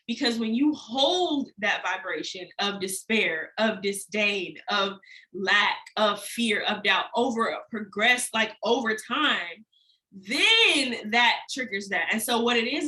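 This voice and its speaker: A woman's voice: medium pitch, bright, forceful tone, low-quality recording. A young woman in a candid personal vlog, telling a painful story and laughing often, near tears at times. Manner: candid, emotional, laughs often mid-sentence. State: holding back tears. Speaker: life and healing coach.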